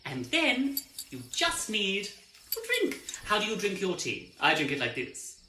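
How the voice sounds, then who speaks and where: A woman's voice: medium pitch, huge pitch swings, measured pace, background noise. A woman telling an interactive children's story in a playful, theatrical way, often addressing the listener directly. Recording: roomy echo with music behind.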